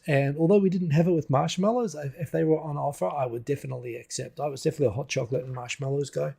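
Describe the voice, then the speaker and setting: A man's voice: fairly high pitch, racing, creaky, few pauses, warm tone, slightly rough. A man from New Zealand hosting a casual livestream at home on a desk microphone, chatting loosely and answering viewer comments as they come in. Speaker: livestream host. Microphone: desk USB microphone.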